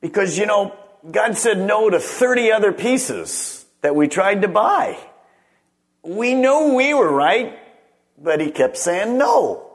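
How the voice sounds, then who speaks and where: A middle-aged man, a pastor, preaching a sermon. He swings between raised, emphatic phrases and hushed ones, and puts questions straight to the congregation. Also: high voice, big pitch swings, slow. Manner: asks the congregation questions directly.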